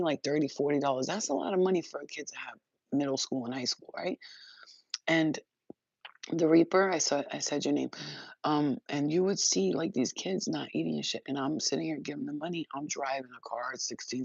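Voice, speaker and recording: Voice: medium pitch, brisk, creaky, slightly rough, no echo. A spiritual livestream host in casual, profane chat who often acts out other people's voices. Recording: dull lo-fi dry sound.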